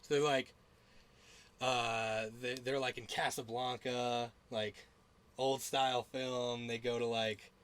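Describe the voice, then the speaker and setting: Bright-voiced young man chatting casually. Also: mid-range voice, little pitch movement, slow, clear, resonant tone. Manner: rambling and profane, lots of filler words and laughter. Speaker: podcast host. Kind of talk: casual chat.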